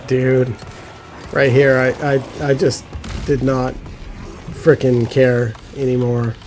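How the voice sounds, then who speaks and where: A man giving casual gameplay commentary, excitable, often laughing and swearing when he gets frustrated. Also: mid-range voice, takes it slowly, faint music behind. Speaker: gaming commentator.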